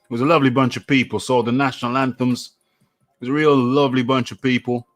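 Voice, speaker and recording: An English man hosts a casual talk show, bantering through a story, laughing and repeating his punchlines for effect. He talks fast at a medium pitch with a level tone.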